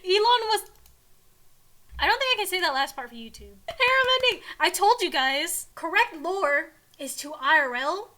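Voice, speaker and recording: A woman's voice: high-pitched, lively intonation, normal speed, few pauses, sharp tone. A young woman content creator doing a giggly, over-the-top comic reading of fan fiction.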